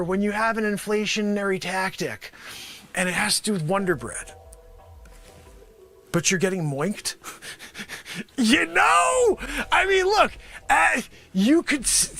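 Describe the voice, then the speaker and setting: Man, improv comedy host, manic, rambling, sarcastic, high-pitched, bright tone. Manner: manic, rambling, sarcastic, swings between loud outbursts and mutters. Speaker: host of a live improv comedy and music show. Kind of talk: improvised comedy bit, pitching a product to investors.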